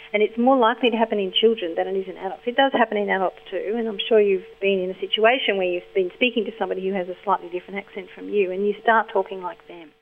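Woman linguist explaining over a tinny phone line. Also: mid-range voice. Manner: thoughtful, explanatory, with pauses. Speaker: linguistics expert interviewee.

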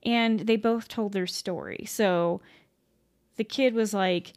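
A woman's voice: medium pitch, slow pace, darkish tone. A woman casually telling a ghost story at home, rambling with many fillers, self-corrections and casual swearing. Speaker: podcast host.

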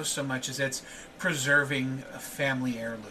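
Bright-voiced game master narrating. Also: male voice, fairly high pitch, unhurried, recorded from a distance, a little hiss or hum. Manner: hesitant, many filler sounds. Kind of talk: narrating a tabletop game online.

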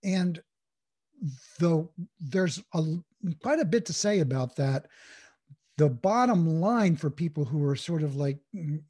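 Husky, high-voiced man explaining mindfulness. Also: animated, a little slow, pauses often, warm tone. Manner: thoughtful, with frequent restarts. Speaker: guest, mindful communication coach. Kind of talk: reflective conversational explanation.

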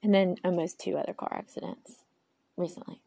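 Gravelly, husky woman talking to herself. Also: lowish voice, steady tone, a little fast, mellow. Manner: candid, rambling, talks to herself aloud; faith-filled, speaks of God. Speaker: podcast host. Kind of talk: personal podcast monologue. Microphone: phone.

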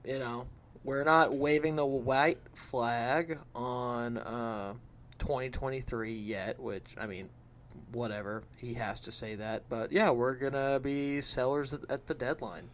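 A man's voice: mid-range voice, steady tone, measured pace, a bit bright. A man co-hosting a podcast, chatting loosely with laughter and fillers. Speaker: podcast co-host. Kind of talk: casual comedic chat.

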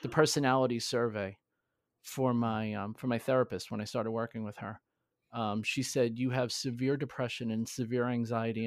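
A man's voice: mid-range voice, dry recording. A man speaks candidly and earnestly, his sentences breaking off and starting again. The sound is dry and close, with no room around it. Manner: earnest, halting with restarts. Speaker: podcast guest. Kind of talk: candid conversational storytelling.

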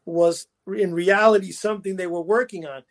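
A man's voice: high-pitched, fairly even intonation, moderate pace. A man co-hosting a casual chat show, rambling through his stories with restarts and laughing at his own jokes. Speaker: podcast co-host.

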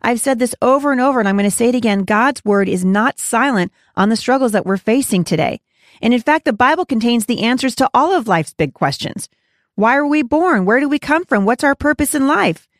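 A woman's voice: animated, brisk, dry recording, studio quality. Earnest woman teaching the Bible. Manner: earnest, rises in pitch when preaching. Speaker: Bible study host. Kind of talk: devotional teaching talk.

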